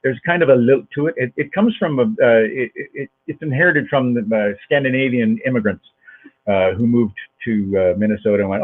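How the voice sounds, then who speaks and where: A man's voice: mid-range voice, a little fast. A male actor and dialect coach, a guest on a video-call interview, talking in a rambling way with many restarts. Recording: tinny lo-fi video call audio.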